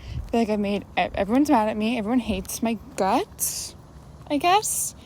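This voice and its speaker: A woman's voice: fairly high pitch, expressive, moderate pace, a little mellow, far from the mic. Rambling, self-mocking young woman vlogging. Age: 20s. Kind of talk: casual vlog chat. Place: room at home, moving around while working out. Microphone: phone camera, sometimes from across the room. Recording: echoey room with faint noise.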